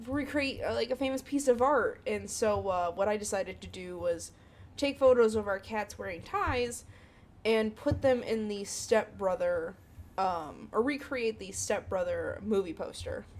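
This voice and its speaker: A woman co-hosting a casual podcast, telling stories in a giggly, animated way. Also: medium pitch, unhurried. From Chicago area. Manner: giggly, animated storyteller who acts out coworkers' voices. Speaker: podcast co-host. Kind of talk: casual chat.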